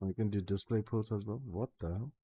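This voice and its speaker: A man casually reacting to a video he is watching, with slow, amused interjections. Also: on the low side, warm tone, husky.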